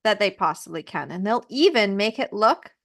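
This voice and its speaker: A woman hosting a podcast, retelling a fairy tale in a chatty, animated way with personal asides. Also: medium pitch, normal speed, creaky. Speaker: podcast host. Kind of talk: casual storytelling.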